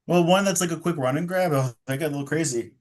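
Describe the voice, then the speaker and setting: A man's voice: fairly high pitch, quick pace. A man joking around in casual, offhand chat. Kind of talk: casual banter.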